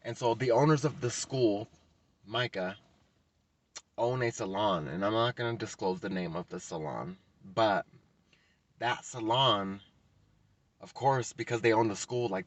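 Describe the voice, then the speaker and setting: A young man tells a casual story in a fairly low voice. He talks loosely and swears often, with lots of fillers, as a hairstylist vlogging about his training. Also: no echo. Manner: casual and profane, with many likes.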